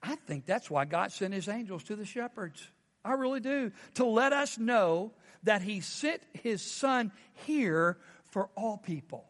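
A man's voice: sits high, lively intonation, unhurried, a bit bright, long reverb tail. A man preaching a sermon as a pastor, often asking his congregation questions.

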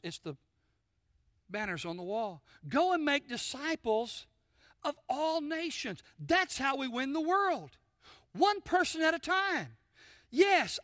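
In a church sanctuary, a pastor with a bright, sharp, high voice preaches and throws questions to the congregation for them to answer back. His delivery moves from forceful, loud emphasis to quiet near-whispers. The recording is close-miked and dry.

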